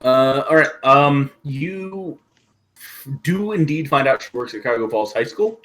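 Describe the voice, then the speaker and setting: A man running a tabletop role-playing game as game master, talking slowly with many ums and pauses. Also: medium pitch, expressive, fairly bright tone. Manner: slow, hesitant, many ums and uhs. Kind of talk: narrating a tabletop game over voice chat.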